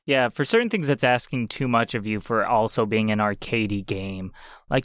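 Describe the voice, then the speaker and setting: A man's voice: mid-range voice, sing-song, normal speed, a bit bright, no echo, clean studio sound. A man co-hosting a casual game review chat who laughs often and talks expressively. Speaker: game podcast co-host.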